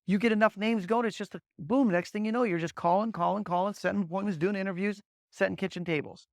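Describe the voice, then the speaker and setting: A man leading a motivational sales training session for new agents, telling energetic stories and driving points home with repeated "guess what" and "okay?". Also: sits high, fast talker, gravelly, no echo, clean studio sound. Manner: blunt, punchy coaching delivery.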